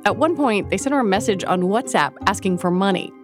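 A woman podcast host with a scratchy voice from a cold, narrating the story in a measured, explanatory way. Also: mid-range voice, animated, over music. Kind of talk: scripted narration and interviewing.

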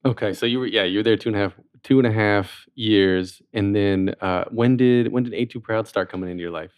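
A man's voice: fairly low pitch, a little fast, clean tone, no room sound, muffled recording. A man interviewing a guest, mostly giving brief questions and short replies. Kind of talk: casual interview.

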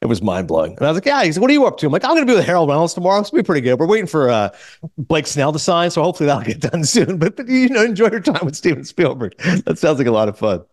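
A man hosting a podcast, telling a story in casual chat and quoting others in quick asides. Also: on the high side, big pitch swings, dry recording, clean studio sound. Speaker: podcast host.

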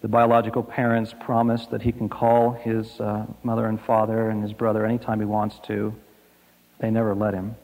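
Male pastor preaching, slow dramatic storytelling, soft trailing endings, echoey hall. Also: fairly low pitch, completely flat delivery. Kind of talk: sermon.

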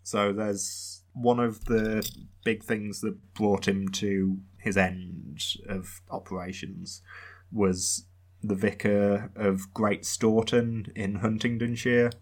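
Low-voiced man telling a story. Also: level tone, slow pace. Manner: rambling, wry, with frequent fillers. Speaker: podcast co-host telling a history story. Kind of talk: casual storytelling chat.

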